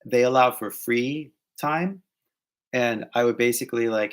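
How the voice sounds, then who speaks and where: A man's voice: mid-range voice, unhurried. A man with an American accent, talking casually as an English teacher and actor, full of "like"s and switching between English and Japanese. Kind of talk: casual talking-head advice vlog.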